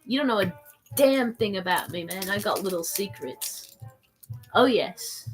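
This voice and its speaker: A woman's voice: mid-range voice, lively intonation, measured pace, soft background music. A young adult woman live streaming, reading chat aloud in a playful, rambling way, often saying "like" and slipping into silly voices.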